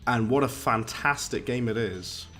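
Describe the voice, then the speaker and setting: A man's voice: medium pitch, a little slow, a bit bright, faint music behind. Chatty posh-sounding man. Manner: chatty, rambling, talks to viewers. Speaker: streamer. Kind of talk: casual game-stream chat.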